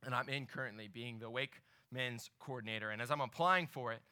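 Bright-voiced young man preaching conversationally. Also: medium pitch, fairly quick, clear, resonant tone. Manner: conversational preaching, animated storytelling with asides to the audience. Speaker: young men's ministry leader. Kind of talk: sermon with personal story.

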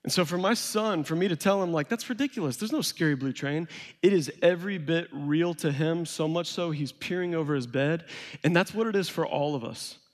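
A man's voice: a little high, brisk. A young man giving an earnest personal testimony, acting out quoted lines as he tells the story. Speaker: speaker sharing recovery story. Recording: long hall reverb.

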